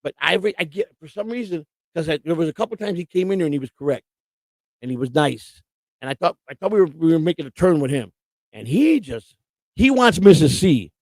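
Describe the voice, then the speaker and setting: A man's voice: on the high side, animated, fairly quick, a little mellow, no echo. A middle-aged man hosting a live stream, rambling and combative in casual chat. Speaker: livestream host.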